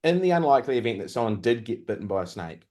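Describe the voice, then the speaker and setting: A man's voice: medium pitch, very animated, rapid-fire, a little mellow. A male host asking rambling, stacked-up questions in a casual interview. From Australia.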